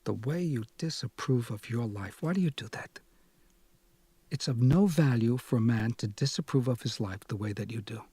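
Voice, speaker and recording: A man's voice: medium pitch, normal speed, warm tone, husky, no room sound, lightly acted. A man reading as a blunt, scolding young woman.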